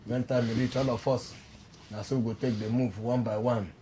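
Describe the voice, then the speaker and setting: A man's voice: medium pitch, fairly even intonation, normal speed, slight background noise. A man with a Nigerian Pidgin accent co-hosting a radio show, bantering and joking in Pidgin English. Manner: jokey, laughing, loud announcer bursts. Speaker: radio co-host.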